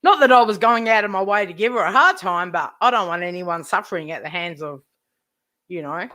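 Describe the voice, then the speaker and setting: A woman's voice: lowish voice, lively intonation, a little fast, pushed and bright. A woman live streamer ranting to her chat, indignant, swearing heavily and repeating herself.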